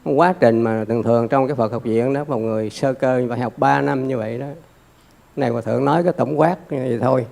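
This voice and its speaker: Male student, mid-range pitch; earnest, deferential reply with pauses. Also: creaky, a little mellow. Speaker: lay student. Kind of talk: respectful reply to a teacher.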